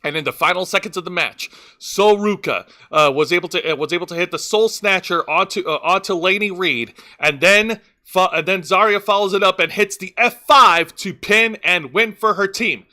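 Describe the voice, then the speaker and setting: A woman co-hosting a wrestling review show who recaps matches in a casual, lively way and laughs easily. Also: fairly low pitch, normal speed, few pauses. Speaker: podcast co-host.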